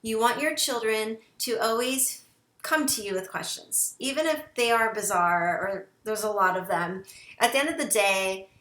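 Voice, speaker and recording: Bright-voiced woman teaching parents. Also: mid-range voice, moderate pace, roomy sound. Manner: encouraging, checks in often with "okay?". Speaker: parent educator. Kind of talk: instructional talk to camera.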